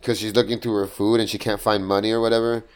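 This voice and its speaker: A man telling a profane story about his taco stand in a casual chat, quick to act out what people said. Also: fairly low pitch, flat delivery, smooth. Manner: fast, profane storytelling with acted-out quotes. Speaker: taco vendor.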